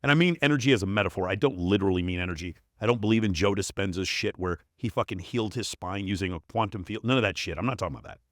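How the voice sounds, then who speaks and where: A man's voice: deep voice, racing, hardly any pauses, dry recording, studio quality. A man talking as a podcast guest, blunt and profane, explaining his points with emphatic stories. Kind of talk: casual interview conversation.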